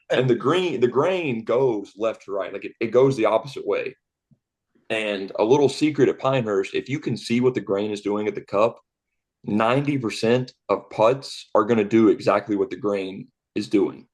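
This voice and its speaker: A young man with a fairly low voice tells golf stories on a casual podcast. He acts out both sides of the dialogue and laughs often. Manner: animated storyteller acting out dialogue, laughing often. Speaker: golf caddy guest.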